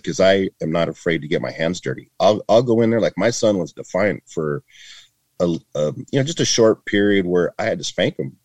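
A middle-aged man speaks low in his register, earnestly and loosely, circling back and restarting his sentences. He is a retired border patrol agent in a casual interview. The sound is dry and close, with no room echo. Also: darkish tone. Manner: earnest, rambling with many restarts and fillers.

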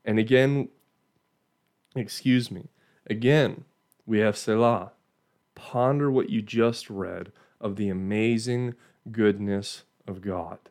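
A man's voice: on the low side, steady tone, takes it slowly, a little mellow. A man giving an informal Bible teaching in a conversational way, often checking in with "right?" and restarting phrases.

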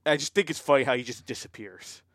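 A man co-hosting a podcast, telling stories in a halting way with laughs. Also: mid-range voice, a bit bright, no room sound, clean studio sound. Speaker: podcast co-host. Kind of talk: casual podcast banter.

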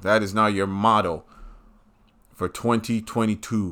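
A man with a somewhat low voice hosts his own show in a one-man rant. He talks bluntly and profanely, with a scornful, combative edge. He hammers single words for emphasis. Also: steady tone, moderate pace, bright, forceful tone. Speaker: podcast host. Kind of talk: solo rant monologue.

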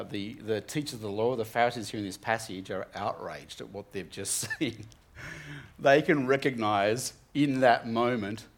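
A young man giving an earnest, conversational Bible talk to students, often restarting his sentences. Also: on the low side. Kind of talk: sermon.

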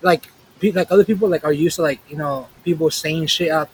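A man's voice: a little high, fairly quick, breathy edge, low-quality recording. Blunt, slangy man on a podcast. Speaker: podcast co-host. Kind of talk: casual chat. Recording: faint background noise.

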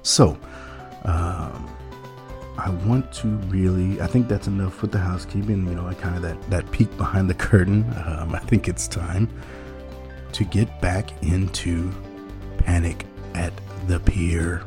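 A man hosting a podcast in a rambling, mock-earnest monologue, halting often with ums and restarts. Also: deep voice, fairly even intonation, music in the background. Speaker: podcast host.

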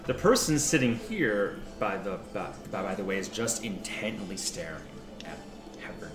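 A man's voice: fairly low pitch, normal speed. Male game master, chatty and rambling, room echo with background music. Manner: rambling, animated, frequent restarts. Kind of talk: narrating a tabletop game. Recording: roomy echo with music behind.

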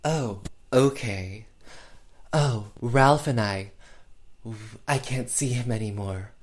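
A man mimicking a scheming young woman in a flat, drawn-out way. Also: medium pitch, close to an everyday voice.

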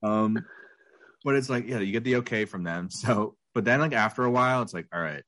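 A man's voice: medium pitch, fairly quick, a bit bright. A man co-hosting a podcast in casual chat, laughing often and rambling through his stories with restarts. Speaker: podcast co-host.

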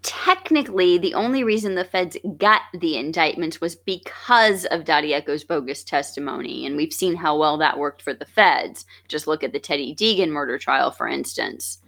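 A woman co-hosting a podcast, reading scripted true-crime narration in a steady, measured way. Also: low-pitched, vocal fry. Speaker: podcast co-host.

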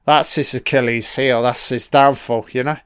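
A man doing a casual, profane film commentary, heckling the characters on screen, his throat a little croaky from illness. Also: mid-range voice, fairly even intonation, normal speed, a bit bright, no room sound, clean studio sound. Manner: profane, talks back at the screen.

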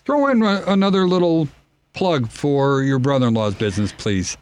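A man with a Chicago accent hosting a radio talk show, reading out plugs and phone numbers in a brisk, friendly way. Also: mid-range voice, animated, darkish tone, smooth.

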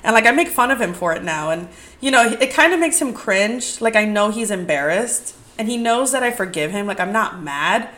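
A woman's voice: medium pitch, lively intonation, normal speed, fairly bright tone. A young woman hosting a podcast, telling dating stories in a candid, profane, rambling way with lots of "like". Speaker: podcast host. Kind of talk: casual storytelling podcast.

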